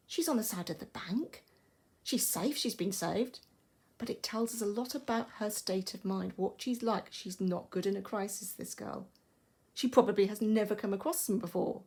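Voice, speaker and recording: Expressive English woman teaching a lesson. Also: mid-range voice, husky. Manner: explaining patiently, acting out quotes, expressive. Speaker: primary school teacher. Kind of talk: recorded remote lesson.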